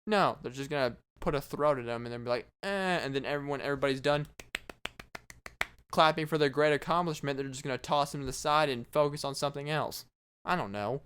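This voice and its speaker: A man's voice: mid-range voice, fairly even intonation, fast talker, fairly bright tone, clean tone. A man hosting his own casual podcast, talking alone in a sarcastic, rambling and mocking way. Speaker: podcast host. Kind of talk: casual solo podcast monologue.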